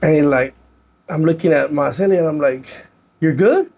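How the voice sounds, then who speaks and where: A podcast guest tells his story in a casual, animated way, slipping into the voices of the people in it. His voice is gravelly and sits a little high for a man. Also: fairly quick. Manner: animated, acts out other people's lines, heavy slang.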